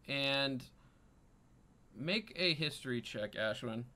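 Man as game master, slow and halting, bright smooth voice. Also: mid-range voice, steady tone. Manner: unhurried, many ums and pauses. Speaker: dungeon master. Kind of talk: narrating a tabletop game.

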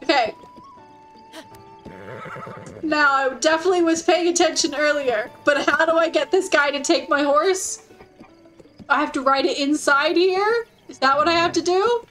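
A woman streaming a game, chatting casually and excitedly, giggling often and cooing softly at her in-game horse. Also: high-pitched, normal speed, faint music behind, rough recording. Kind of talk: casual gameplay commentary.

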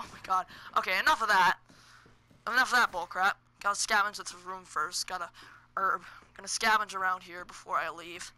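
A woman's voice: medium pitch, normal speed, sharp tone, low-quality recording. A teenage girl commentating a horror game, hyper and jumpy, yelping and screaming at every scare. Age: teens. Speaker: gaming commentator. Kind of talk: let's play commentary.

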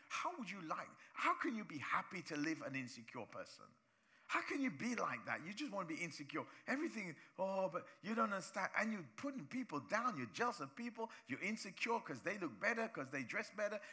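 A male pastor from preaching a sermon in church, animated, acting out voices of people he talks about. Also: on the high side.

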